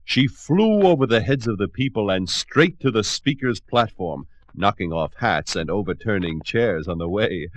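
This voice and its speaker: A man reading a children's storybook aloud with expressive, dramatic narration. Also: on the low side, moderate pace, hardly any pauses, dry recording.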